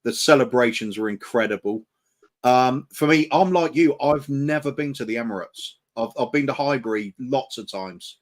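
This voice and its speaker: A man's voice: medium pitch, moderate pace. Rambling man, middle voice. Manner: reflective, rambling, many restarts and fillers. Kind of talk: casual chat on a live stream.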